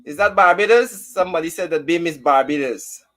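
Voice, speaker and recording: A man's voice: fairly high pitch, fairly quick, fairly bright tone. A man hosting a casual live-stream talk show, chatting and greeting viewers by name.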